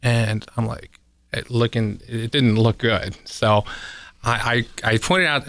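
A man's voice: mid-range voice, slow pace, fairly bright tone. A man, a pest control technician, telling a rambling story as a radio guest, with lots of ums and chuckles. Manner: rambling, chuckling, many fillers. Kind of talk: casual radio interview storytelling.

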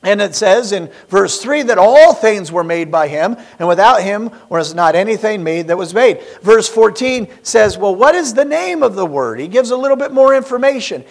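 Male pastor, high voice, Sunday sermon, questions to the pews, slow stressed scripture reading. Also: expressive, creaky. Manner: preaching with rising emphasis and rhetorical questions.

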